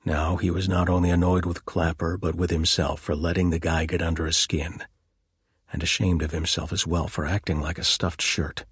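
Deep, husky male audiobook narrator. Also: little pitch movement, moderate pace, no echo, studio quality. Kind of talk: scripted narration.

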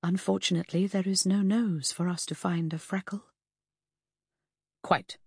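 A woman's voice: fairly low pitch, fairly even intonation, unhurried, darkish tone, slightly rough, no echo, studio quality, exaggerated voice. A woman voicing a stern, pedantic middle-aged male detective who speaks in curt, clipped, precise phrases in an audiobook. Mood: dry. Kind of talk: audiobook character voice.

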